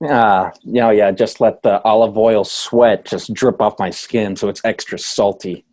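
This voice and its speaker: A man hosting a casual podcast interview, easygoing and quick to laugh along. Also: fairly low pitch, steady tone, a little mellow. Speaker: podcast host.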